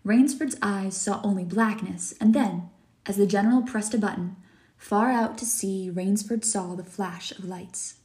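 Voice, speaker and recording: Fields: A woman teacher reading a story aloud for a lesson, narrating in a measured, deliberate way. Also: mid-range voice, warm tone.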